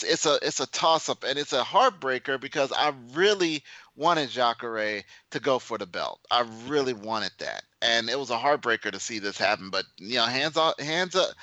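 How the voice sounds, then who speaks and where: A man co-hosting a podcast in casual sports chat, rambling and halting as he speaks. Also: medium pitch, bright, forceful tone, no room sound. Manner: rambling, halting with many restarts. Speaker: podcast co-host.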